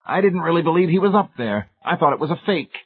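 A man booming as a towering godlike zealot. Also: lively intonation, fast, breathy edge. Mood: gruff. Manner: booming, authoritative. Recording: tinny phone-like sound.

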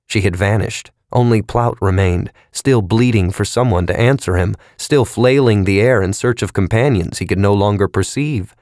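A man reading a novel aloud in a measured, expressive storytelling manner. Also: lowish voice, no room sound, clean studio sound. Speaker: narrator. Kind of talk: audiobook narration.

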